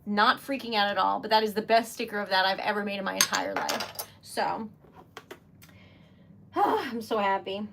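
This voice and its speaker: Chatty and self-deprecating, a young woman hosting a livestream giggles and gushes excitedly over the wax seal stickers she's making. Her mid-range voice is creaky and moderately paced, pausing often, with slight background noise.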